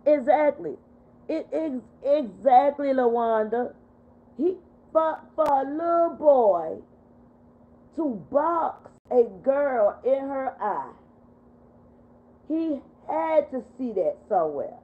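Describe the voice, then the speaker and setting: An older woman hosting a casual livestream, talking in a heartfelt, repetitive way while she is upset but steady. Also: high-pitched, takes it slowly, long pauses. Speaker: livestream host. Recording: tinny phone-like sound.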